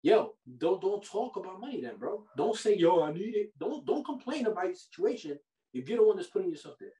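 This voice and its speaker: A man hosting a podcast. He gives money advice in a casual, animated, preachy way, full of slang like "bro" and "yo". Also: high voice, fairly quick, far from the mic. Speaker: podcast host. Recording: roomy sound from off the mic.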